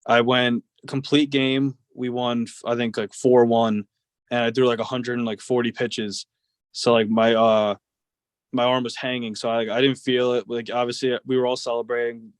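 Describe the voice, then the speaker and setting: Young male ballplayer, casual guest, rambling storyteller with many fillers, monotone delivery. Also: mid-range voice, normal speed, clean tone, no echo. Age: 20s. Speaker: guest, professional baseball player.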